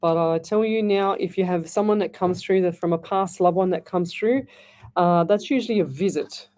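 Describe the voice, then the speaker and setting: A woman's voice: lowish voice, normal speed, a little mellow. A middle-aged woman hosting live radio psychic readings, chatting in a rambling way with frequent restarts. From Australia. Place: radio studio.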